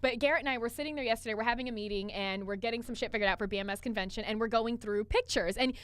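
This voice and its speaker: Fast-talking, animated young woman. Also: fairly high pitch, smooth. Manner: animated storytelling, swears freely. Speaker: podcast co-host, coach. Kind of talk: casual chat.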